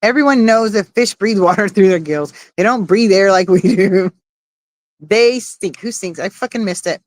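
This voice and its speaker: A woman hosts a casual livestream, chatting, reading viewer comments aloud, laughing a lot and swearing casually. She has a mid-range voice and a measured pace, recorded with no room sound.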